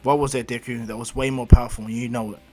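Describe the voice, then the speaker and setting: A man's voice: mid-range voice, little pitch movement, fast talker, soft background music, close to an everyday voice. Man doing a brash hot-tempered teen boy. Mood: demanding. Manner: loud, demanding.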